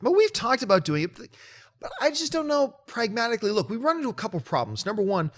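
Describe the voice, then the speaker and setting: A man hosting a movie show, chatting casually and telling a story with lively mimicry of other people. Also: quick pace. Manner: animated storytelling, mimics others in high excited voice. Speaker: show host. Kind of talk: casual chat.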